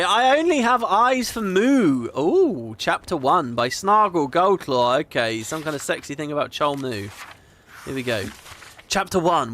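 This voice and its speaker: Chatty gaming guy reading stuff aloud, pitch jumps around a lot, kinda high voice. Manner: animated, chuckling, mock-dramatic. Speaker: gaming video host. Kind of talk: casual commentary and reading aloud.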